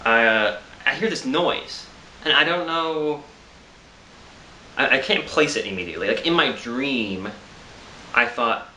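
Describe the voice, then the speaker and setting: A man's voice: mid-range voice, lively intonation, moderate pace, pauses often, bright, forceful tone, reverberant, slight background noise. A tired man telling a rambling, self-amused story in a casual vlog, with frequent laughs and restarts. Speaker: vlogger.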